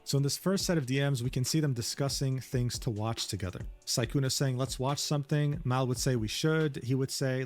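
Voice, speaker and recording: A man narrates a drama recap at a brisk clip, his pitch sitting in a middle range. He reads quoted messages aloud in a steady, even delivery. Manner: steady, quick reading of screenshots.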